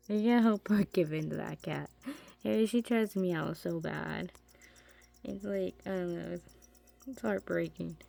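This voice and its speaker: A woman with a gravelly, fry-laden voice talks at an unhurried pace in a casual home vlog from her basement. She rambles, often leaves sentences unfinished and coos at her pets as she goes. Her delivery is relaxed and conversational. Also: medium pitch. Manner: chatty and rambling, trails off mid-sentence and coos at her animals. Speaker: pet keeper showing her tarantulas and fish.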